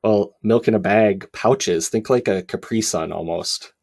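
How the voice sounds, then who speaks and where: A man's voice: fairly low pitch, a little slow, vocal fry, darkish tone, no room sound. A man hosting a podcast, chatting with light laughter and then reading out announcements steadily. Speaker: podcast host. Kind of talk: casual podcast chat with announcements.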